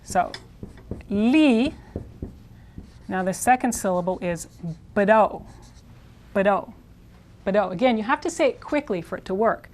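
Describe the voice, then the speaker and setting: A woman teaching a language lesson, patiently repeating words slowly and clearly, writing on a board as she goes. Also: medium pitch, animated, darkish tone. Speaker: Spanish teacher. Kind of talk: classroom pronunciation lesson.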